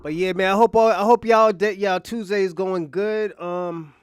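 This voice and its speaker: A man talks through casual reaction commentary in a laid-back, slangy way, swearing freely as he goes. His voice sits slightly high, and the sound is dry and close. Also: steady tone, normal speed, smooth, no room sound. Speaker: reaction streamer.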